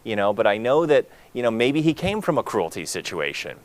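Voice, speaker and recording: A man's voice: mid-range voice, very animated, brisk. A man co-hosting a charity gala, earnest and rambling, with many fillers. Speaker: gala co-host. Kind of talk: heartfelt live co-hosting.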